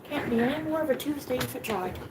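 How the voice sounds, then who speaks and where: A woman hosting a casual livestream, tired and lethargic, swearing offhandedly, and switching to high sing-song baby talk when she talks to her cat. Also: expressive, fast, heavy background noise. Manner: low-energy, sluggish, swearing casually. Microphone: camera mic.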